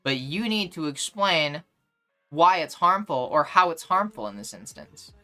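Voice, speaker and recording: A woman's voice: deep voice, sing-song, unhurried, sharp tone, soft background music. A young woman streamer chatting casually while gaming, ranting bluntly with lots of fillers. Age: young adult. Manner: blunt, exasperated ranting with frequent "like".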